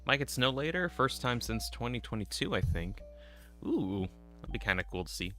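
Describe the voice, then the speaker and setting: A man's voice: mid-range voice, big pitch swings, moderate pace, pushed and bright, soft background music. A man streamer chatting casually at home, laid-back and rambling with lots of fillers. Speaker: game streamer. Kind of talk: casual live-stream chat.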